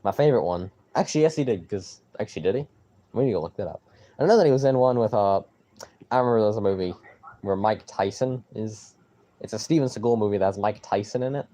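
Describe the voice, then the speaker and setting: A man's voice: fairly low pitch, quick pace. Rambling young man reacting to football. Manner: rambling, excitable, mild swearing. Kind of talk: casual live-stream reaction.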